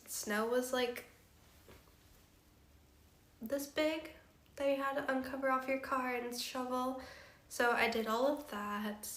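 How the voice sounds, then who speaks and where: A woman's voice: on the high side, fairly bright tone, slight background noise. Chatty young woman in echoey room. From Canada. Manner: chatty, laughs often, filler-heavy. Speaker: streamer. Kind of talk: casual storytelling. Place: house room. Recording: roomy echo.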